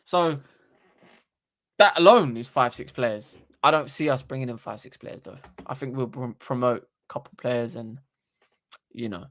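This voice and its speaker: A young man, hosting a casual live stream into a desktop microphone and talking in an animated, slangy, sweary way. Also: mid-range voice, measured pace. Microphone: desktop USB microphone.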